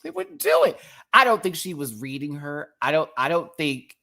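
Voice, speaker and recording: Sassy man from Texas, reviewer vlog read: bright, forward tone with a lively, swooping delivery and plenty of drag slang. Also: a little high, normal speed, gravelly. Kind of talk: casual commentary vlog.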